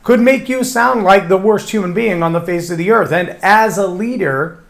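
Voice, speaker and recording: A man's voice: high voice, moderate pace, creaky. A man hosting a short leadership podcast, talking emphatically and acting out mock interview answers. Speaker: podcast host. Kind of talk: short leadership talk to camera.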